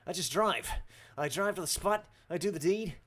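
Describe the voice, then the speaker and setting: Guy doing a swaggering tough driver, brags nonstop, swears a lot, kinda high voice. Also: moderate pace, fairly bright tone. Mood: boastful. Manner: swaggering, boastful, rambling, profane. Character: cocky boastful male getaway driver, swaggering tough guy. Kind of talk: comedic role-play commentary over gameplay.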